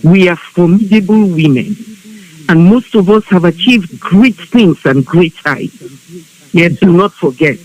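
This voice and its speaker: A woman making an earnest, measured appeal to fellow women, quoting proverbs. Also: lowish voice, darkish tone, rough recording. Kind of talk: calm appeal to a group. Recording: live online broadcast with hiss.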